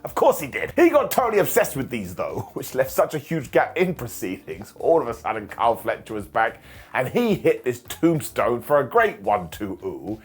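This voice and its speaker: A man reviewing a wrestling show in a jokey, excitable monologue, dropping into quiet asides. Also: medium pitch, normal speed, slightly rough, soft background music.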